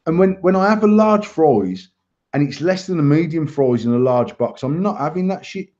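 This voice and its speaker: A high-voiced, darkish-toned man hosts a podcast on a live stream, animated and speaking at normal speed. Worked up, he rants through a story with heavy swearing, and the lo-fi stream sound is slightly muffled.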